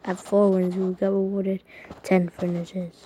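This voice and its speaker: Woman chatting quietly over a mobile game at home, rambly, background hiss and clicks. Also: medium pitch, little pitch movement, unhurried. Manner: rambling, self-correcting, talking quietly. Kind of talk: casual gameplay commentary. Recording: noisy home recording with clicks.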